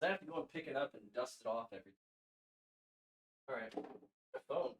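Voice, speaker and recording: A young man streaming a game, chatting to his viewers in an excitable, flustered way with frequent stammers. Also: mid-range voice, moderate pace, background noise. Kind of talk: casual live-stream chat.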